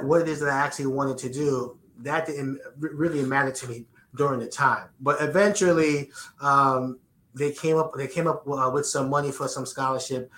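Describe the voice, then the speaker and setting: A man's voice: medium pitch, fairly bright tone, roomy sound. A man with a New York accent, answering interview questions earnestly and often repeating words as he finds his phrasing. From the Bronx, New York. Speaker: guest.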